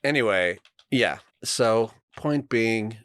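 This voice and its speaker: A man's voice: on the low side, lively intonation, slow, a bit bright, a little hiss or hum. A man on a podcast in casual chat, reflective and frank, swearing casually as he thinks aloud. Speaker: podcast regular.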